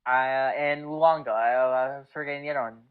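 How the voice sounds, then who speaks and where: A young woman with a very low voice co-hosts a casual sports podcast, full of quick, teasing banter. Her voice comes through a dull, lo-fi mic. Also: fairly even intonation, clean tone. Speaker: podcast co-host.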